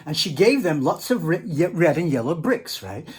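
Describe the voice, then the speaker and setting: Man reading picture book aloud, casual, musing, husky, lively pitch. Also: normal speed. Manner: casual and musing, with constant "right?" and "you know". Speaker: storyteller and teacher.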